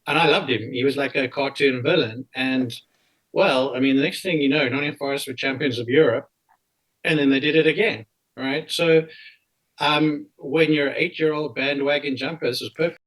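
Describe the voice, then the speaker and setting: A South African man in his fifties, an interview guest telling a story in a casual, animated way and often tagging his lines with "right?". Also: mid-range voice, moderate pace, rough recording.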